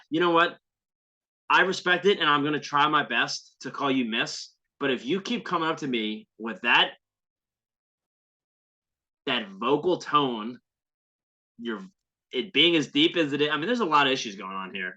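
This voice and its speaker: A man's voice: medium pitch, bright, forceful tone. A man hosting a podcast, delivering heated, profane, sarcastic commentary on a viral video clip. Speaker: podcast host. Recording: dull lo-fi sound.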